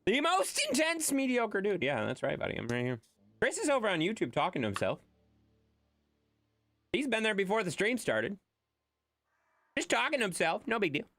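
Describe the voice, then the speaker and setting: Animated woman streamer chatting with viewers. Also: lowish voice, normal speed, long pauses, no echo. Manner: animated, jokey, reads chat aloud and swears freely. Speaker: live streamer. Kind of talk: casual live-stream chat.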